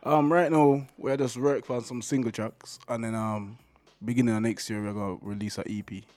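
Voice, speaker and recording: A man's voice: mid-range voice, fairly even intonation, brisk, darkish tone. A man, a guest musician talking casually about his music, laid-back and often adding "you see me". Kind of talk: casual interview chat.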